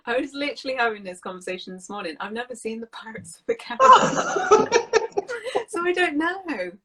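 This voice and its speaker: A woman's voice: a little high, big pitch swings, normal speed, a loud crowd, rough recording. A woman in casual chat about accents, talking in a chatty way with many fillers and often laughing. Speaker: co-host, English teacher.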